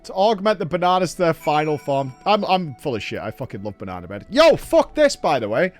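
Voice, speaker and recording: A man in his thirties rants on a live stream with swearing and wild swings of pitch. His voice sits fairly high for a man. Faint game music plays underneath. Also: brisk. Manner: animated, sweary, ranting. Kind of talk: casual stream chat.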